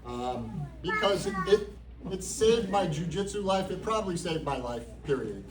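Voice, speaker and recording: A man's voice: on the high side, sing-song, normal speed. A man giving a humorous acceptance speech at a jiu-jitsu academy, telling a story with comic timing. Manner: anecdotal, comic timing, grows sincere. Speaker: black belt receiving promotion giving speech. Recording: echoey room, far from mic, noisy crowd.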